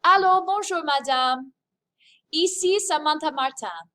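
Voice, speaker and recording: A woman's voice: high voice, unhurried, a bit bright, pitched above the performer's own voice. A woman voicing a polite little girl making a phone call in a language-lesson dialogue.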